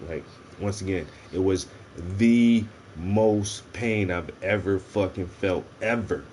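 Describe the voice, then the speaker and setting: A man telling a story in casual, profane slang while he paints, his delivery animated and loose. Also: sits low, takes it slowly, a little hiss or hum. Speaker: painting stream host.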